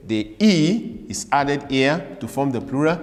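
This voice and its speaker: A man teaching a language lesson, repeating each word slowly and asking listeners to say it after him. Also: medium pitch, sing-song, in a large hall. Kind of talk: slow classroom lesson with repetition drills.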